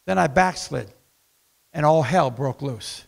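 A man preaching a sermon as pastor in a church, swinging between loud outbursts and hushed asides and acting out voices in quoted dialogue. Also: a little high, animated, takes it slowly, creaky.

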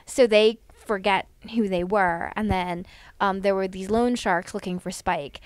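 A woman's voice: mid-range voice, steady tone, a little slow, clean tone, dry recording. A woman co-hosting a casual chat, explaining a TV show with hesitant ums and restarts. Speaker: podcast co-host.

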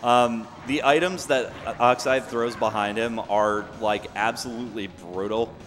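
A young man casually explaining his own speedrun as he plays, relaxed and full of fillers. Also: mid-range voice, measured pace, faint music behind. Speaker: speedrunner commentating his run. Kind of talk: casual live commentary. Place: event venue. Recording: long hall reverb, faint background noise.

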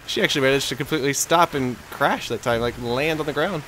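A man with a Texan accent giving let's play commentary, excitable and yelping at crashes, rambling in self-deprecating asides. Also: mid-range voice, quick pace, hardly any pauses, slight background noise, poor audio. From Texas. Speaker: gaming video host.

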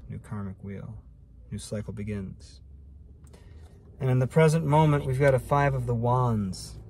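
A man's voice: mid-range voice, vocal fry, a little hiss or hum. Musing man giving a tarot reading. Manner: relaxed, musing, talks to spirit while drawing cards. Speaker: tarot reader. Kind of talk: daily tarot reading to camera.

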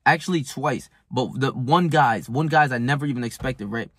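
A young man in his twenties, talking casually to the camera in a brash, profane, boastful rant, sometimes jumping into loud mocking voices. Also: medium pitch, normal speed, husky, no echo. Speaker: self-improvement vlogger.

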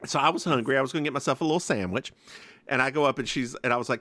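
A man co-hosting a podcast, telling stories in a sassy, animated way and acting out what people said. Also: mid-range voice, very fast, no echo. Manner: animated, acts out quotes, sassy. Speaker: podcast co-host. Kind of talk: casual chat, storytelling.

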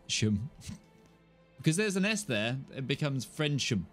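A man's voice: medium pitch, normal speed, faint music behind. A man giving casual, jokey gameplay commentary as he plays, chatting to himself and his viewers. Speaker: gaming streamer.

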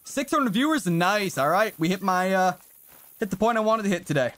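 Male streamer, casual live commentary, excitable with some swearing, high-ish animated voice. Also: brisk, no room sound. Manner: excitable, swears, chats to viewers. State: briefly out of breath. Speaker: game streamer.

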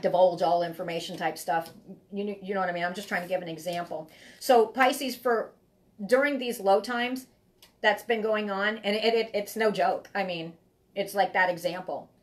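A woman giving a live tarot reading, talking in a rambling, heartfelt way and often repeating herself. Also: mid-range voice. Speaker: tarot reader.

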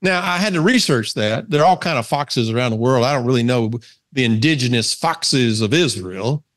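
A man's voice: medium pitch, lively intonation, normal speed. A man with a Southern American accent teaching a men's Bible study in a casual, conversational way, asking his listeners questions and reading scripture aloud. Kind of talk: casual sermon to a men's group.

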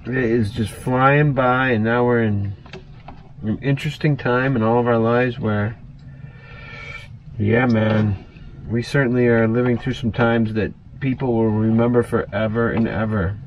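A man's voice: mid-range voice, steady tone, unhurried, lo-fi sound, slight background noise. Laid-back folksy man in an RV. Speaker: vlogger cooking in his RV. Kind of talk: casual chat to camera. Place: small motorhome kitchen. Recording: guitar music playing underneath. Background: guitar music.

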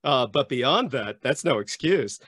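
A man's voice: mid-range voice, normal speed, a bit bright, dry recording, studio quality. A man speaking as a guest historian, blunt and emphatic, sounding drunk. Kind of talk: conversational commentary.

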